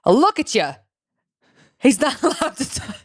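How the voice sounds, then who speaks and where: A woman's voice: high voice, big pitch swings, a little slow, no room sound, studio quality, voice pushed up. A woman putting on a New York Italian accent as a blunt male restaurant owner on the phone. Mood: gruff. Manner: blunt and apologetic.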